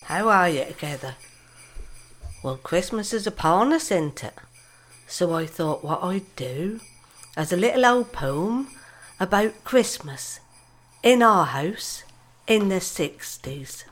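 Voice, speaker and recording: A woman's voice: fairly low pitch, lively intonation. An older woman, reciting her own comic poems and chatting between them in a homely, dialect-flavoured way. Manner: chatty, unhurried storytelling with dialect grammar. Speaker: poet.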